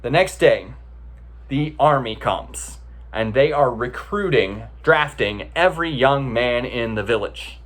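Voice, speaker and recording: A man's voice: medium pitch, animated, unhurried. Casual man telling a story in a talk. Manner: casual, conversational, with many filler checks. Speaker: meditation teacher.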